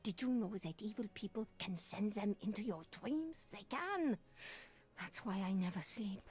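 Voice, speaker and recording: Paranoid old creole lady, french-ish accent, breathy whispery voice. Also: mid-range voice, lively intonation, normal speed, a little mellow, faint music behind. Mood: fearful. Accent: French-tinged Creole English. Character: fearful elderly Creole woman, superstitious and secretive. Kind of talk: voiced game dialogue.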